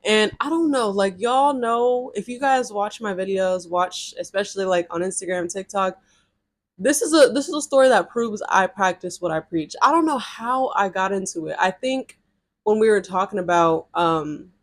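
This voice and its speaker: A young woman casually telling a personal story to her followers, chatty and animated, filling her talk with "like". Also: on the low side. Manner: chatty and animated, with heavy use of "like" and reenacted dialogue. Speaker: storytime vlogger.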